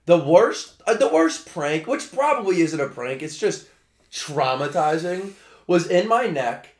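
An excitable young man telling stories on a podcast. His pitch is high and jumps around, he swears freely and laughs as he talks, and the room is echoey. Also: unhurried. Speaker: podcast host. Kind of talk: casual chat.

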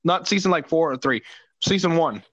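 A man's voice: a little high, expressive, moderate pace, a bit bright, dry recording. A young man hosting a podcast in casual chat, crude and jokey, swearing a lot. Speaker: podcast host. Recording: dull lo-fi sound, dry.

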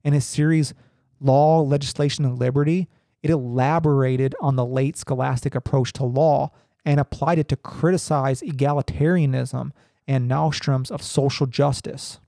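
A young man reading a text aloud in a halting way, full of ums and restarts, with casual asides. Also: mid-range voice, fairly even intonation, gravelly, dark tone, no room sound, studio quality. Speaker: podcaster reading and commenting.

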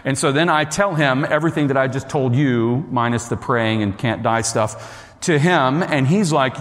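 A man's voice: mid-range voice, moderate pace, a bit bright. A man telling a personal story to an audience in a chatty way, talking straight to the listeners and acting out what people said. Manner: chatty, addresses the listeners directly, acts out quotes. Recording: long hall reverb.

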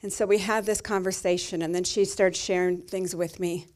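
Soft-spoken woman pastor preaching. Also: fairly low pitch, fairly even intonation, moderate pace. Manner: tender, personal storytelling, soft and emotional. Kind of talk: sermon.

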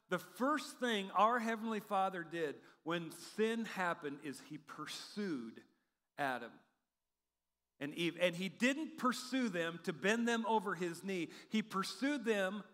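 A man preaching a sermon in an animated, humorous way, acting out quotes from the text. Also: high-pitched. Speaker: pastor. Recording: long hall reverb.

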